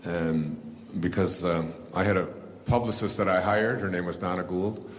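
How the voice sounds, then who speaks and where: A man's voice: deep voice, steady tone, moderate pace. An older man telling a rambling personal story to a live audience, full of fillers and restarts, laughing at himself. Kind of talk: casual storytelling talk.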